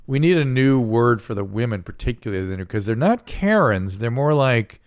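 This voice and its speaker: A man's voice: mid-range voice, expressive, moderate pace. A middle-aged man hosting a casual podcast chat, explaining medical terms plainly and joking along. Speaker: podcast host, physician.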